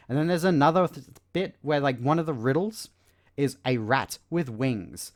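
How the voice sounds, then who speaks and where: A man's voice: mid-range voice, normal speed. A man giving a casual spoken film review, sarcastic and exasperated, with lots of "like" and "you know.". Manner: exasperated, sarcastic critique with many fillers.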